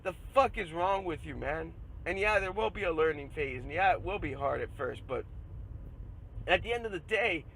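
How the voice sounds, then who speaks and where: Profane, ranting man, higher voice. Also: lively intonation, normal speed, vocal fry, a little hiss or hum, rough recording. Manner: profane, ranting, gets loud and heated. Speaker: podcast host. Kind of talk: casual rant.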